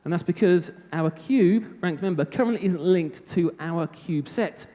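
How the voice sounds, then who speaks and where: A man's voice: fairly high pitch, dark tone. A British man giving a live technical talk at a conference, chatty with self-mocking humor. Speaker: conference speaker. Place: conference hall. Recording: reverberant hall.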